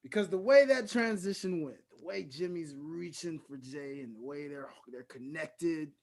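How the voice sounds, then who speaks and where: A man's voice: fairly high pitch, lively intonation, moderate pace, gravelly. A man hosting a casual talk show, laid-back and echoing his co-host's points. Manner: laid-back, echoes and agrees with his co-host. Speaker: show host. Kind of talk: casual chat.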